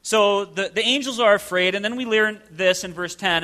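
A man's voice: high voice, moderate pace, sharp tone. A man preaching a sermon as pastor, stressing single words and asking the listeners rhetorical questions.

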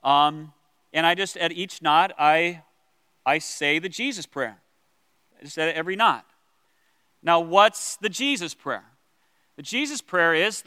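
A man teaching as a pastor about prayer, earnest and gentle, with pauses and restarts. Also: on the high side, lively intonation, no room sound, big-room sound.

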